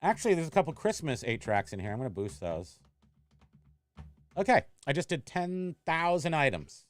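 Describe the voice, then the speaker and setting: Smooth-voiced rambling male reseller. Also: fairly high pitch, very animated, normal speed. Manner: rambling, self-mocking storyteller. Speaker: eBay reseller hosting a livestream. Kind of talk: casual livestream chat.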